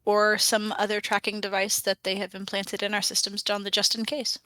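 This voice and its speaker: A woman voices her character in a tabletop game, narrating what the character does in the third person. Her voice is bright and very clear, recorded close and dry. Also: mid-range voice, monotone, brisk, no echo.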